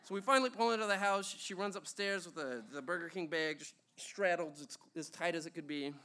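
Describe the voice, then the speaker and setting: A man's voice: sits high, fairly quick, bright, forceful tone. A young man telling a funny personal story at a live show, rambling with lots of ums and uhs and chuckles.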